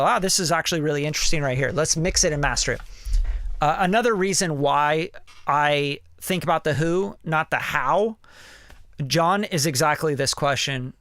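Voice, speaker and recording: A man talking on a live stream, his voice sitting a bit high for a guy with a gravelly, fry-laden edge. He rambles candidly, peppering everything with "like" and "you know" and swearing freely. The sound is close and dry, with no room around it. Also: fairly bright tone, no echo. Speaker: music producer hosting a live stream. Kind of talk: casual live-stream talk.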